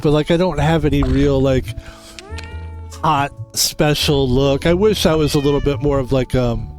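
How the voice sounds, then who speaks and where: A man's voice: on the high side, a little mellow. A man from the United States hosting a game stream, talking in a loose, rambling way and swearing often. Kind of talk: casual stream chat while gaming.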